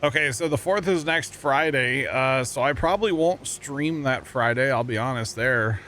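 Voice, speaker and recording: During a farming game livestream, a U.S. man jokes around with his viewers, rambling and often laughing at his own puns. His medium-pitched voice is bright and forceful at a normal pace, with a little background noise.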